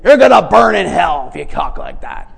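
A man voicing a harsh, scolding street preacher who shouts condemnation. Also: high voice, wildly swooping pitch, normal speed, gravelly, husky, heavily acted. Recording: long reverb in a large hall.

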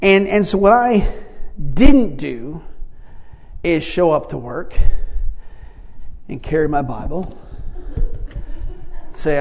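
A male preacher with a slightly high, gravelly, darkish voice speaks slowly and expressively, pausing often. He tells stories in a rambling sermon, frequently restarting and chuckling, with long reverb from a large hall.

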